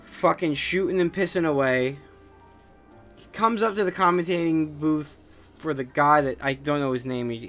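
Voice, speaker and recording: A man's voice: on the high side, moderate pace, a bit bright, soft background music. A man hosting a wrestling podcast on his own, ranting in a casual, profane and scornful way with lots of fillers. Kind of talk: casual solo rant.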